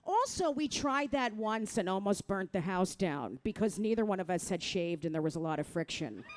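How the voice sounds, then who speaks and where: Lively low-voiced woman doing crude stand-up. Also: a little hiss or hum. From New Jersey, USA. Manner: crude, self-mocking, jumps to loud high mock voices. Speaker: stand-up comedian. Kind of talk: stand-up set talking to the crowd.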